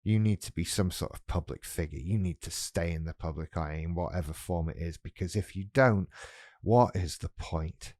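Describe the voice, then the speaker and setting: A man's voice: low-pitched, moderate pace, darkish tone, no room sound, studio quality, natural voice. A man voicing a brash, attention-hungry inner voice that insists on staying in the public eye.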